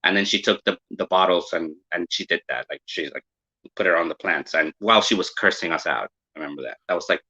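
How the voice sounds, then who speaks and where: A man hosting a podcast, telling stories in a relaxed, profane chat full of fillers. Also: deep voice, fast, slightly rough, highs cut off. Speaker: podcast host. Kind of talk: casual chat.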